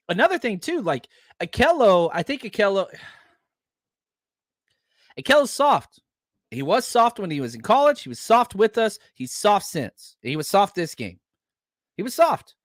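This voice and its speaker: A man's voice: high-pitched, a bit bright, no room sound, studio quality. A man hosting a sports podcast, talking casually and ranting heatedly with plenty of profanity. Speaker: podcast host.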